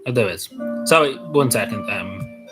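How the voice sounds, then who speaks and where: Cavan Irish male streamer, mid-pitched voice, casual rambling chat with viewers, faint music underneath. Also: expressive, moderate pace, poor audio. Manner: rambling, repeats himself, answers chat messages. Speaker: livestream host.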